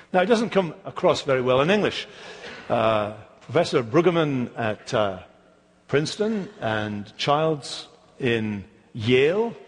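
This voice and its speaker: Scottish male pastor, husky mid-high voice, emphatic sermon delivery in a reverberant church hall. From Scotland. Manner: emphatic, repeats words for effect, mimics mocking voices.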